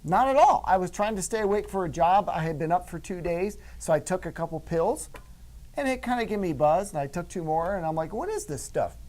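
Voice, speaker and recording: A man co-hosting a casual studio talk show, trading jokes and stories with his partner. His speech is lively, with his pitch swinging widely. The delivery is playful and animated. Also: brisk. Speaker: co-host.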